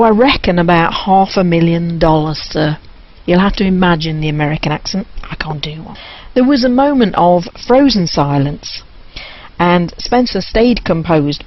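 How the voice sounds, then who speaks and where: A woman telling a local history story and reading passages aloud from a book, with a gentle, amused manner. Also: lowish voice, no echo. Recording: muffled lo-fi radio recording.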